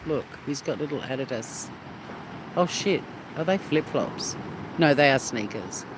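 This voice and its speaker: A man's voice: mid-range voice, animated, measured pace. An Australian man hosting a casual live stream at the beach, talking to his chat in a blunt, chatty way that is full of swearing. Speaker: livestream host reading chat. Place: outdoors at a beach. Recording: noisy outdoor street sound.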